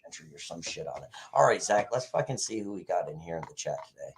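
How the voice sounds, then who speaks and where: A man's voice: deep voice, lively intonation, fast, gravelly, slight background noise. A man hosting a casual livestream, rambling and swearing as he greets viewers in the chat. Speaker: livestream host.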